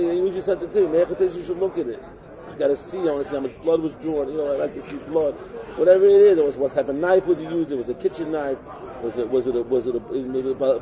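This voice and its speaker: A man with a fairly high voice gives a lively religious talk, circling back on his points and slipping into other people's voices as he goes. The recording is muffled and dull. A crowd murmurs clearly behind him. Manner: animated, repetitive, acts out quotes. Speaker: religious teacher. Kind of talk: informal Torah talk.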